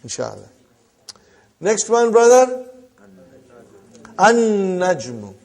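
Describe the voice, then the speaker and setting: A man teaching Arabic to a class, slowly repeating phrases and prompting the students with short questions. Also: sits high, big pitch swings, darkish tone. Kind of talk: classroom lesson.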